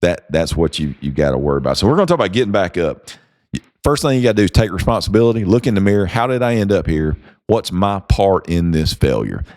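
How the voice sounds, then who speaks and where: A man with a very deep voice hosts a motivational podcast, pressing his points home with emphatic, preacher-like delivery. The sound is dry and close, with no room around it. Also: very animated, fast, a little mellow, dry recording. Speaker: podcast host.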